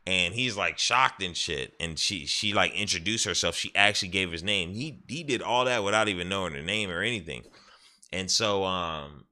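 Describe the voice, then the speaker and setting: A man's voice: deep voice, animated, moderate pace, pushed and bright. A man streaming, casually retelling a show's scenes with profanity and acted-out quotes. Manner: rambling, profane, acts out quotes. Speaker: gaming streamer. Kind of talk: casual recap of a show.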